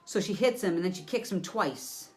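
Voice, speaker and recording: A woman psychic medium giving a live reading for viewers. She is animated, blunt and profane, acting scenes out with sound effects and talking to an unseen listener. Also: on the low side, moderate pace.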